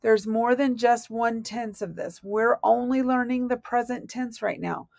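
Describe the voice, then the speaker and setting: A woman's voice: on the high side, fairly even intonation, a little slow, creaky, a little mellow, no room sound, clean studio sound. A woman teaching a recorded language lesson, patiently spelling out verb endings letter by letter. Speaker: Spanish teacher.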